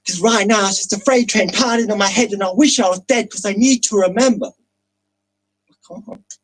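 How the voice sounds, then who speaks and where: A man performing a spoken word poem slowly and dramatically, with long pauses, over a video call. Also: high voice, rough recording.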